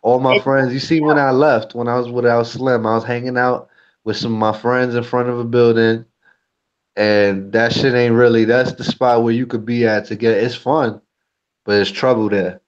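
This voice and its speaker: A man's voice: medium pitch, steady tone, moderate pace, highs cut off. A man talking frankly in a casual chat as a YouTuber and co-host, cursing freely. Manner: blunt, frank, curses freely.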